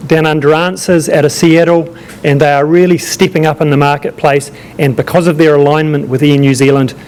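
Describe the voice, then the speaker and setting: A man with a somewhat high voice, speaking to a conference audience in a loose, conversational way with fillers. A faint noise sits behind him. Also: a little mellow. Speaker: tourism market manager presenting. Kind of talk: conference presentation.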